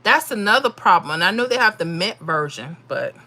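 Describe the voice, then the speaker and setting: A woman's voice: lowish voice, sing-song, fairly quick, bright, forceful tone. A woman hosting a live stream, casually chatting with viewers and reading their comments, laughing often. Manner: chatty, laughs often, Southern-style speech. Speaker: livestream host reading chat.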